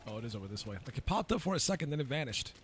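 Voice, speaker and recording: A man giving casual let's-play commentary on a fantasy game. His pitch swings widely as he rambles along with plenty of fillers, and a faint hiss sits under his voice. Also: sing-song, racing. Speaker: gaming YouTuber.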